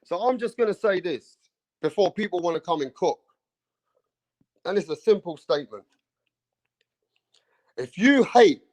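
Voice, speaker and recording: A man rants into the camera in a high-pitched voice. He is fired up and swears freely. He hammers the same points over and over. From England. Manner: fired-up, profane, repeats himself, keeps saying bro. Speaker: boxing channel host. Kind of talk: heated opinion rant to camera.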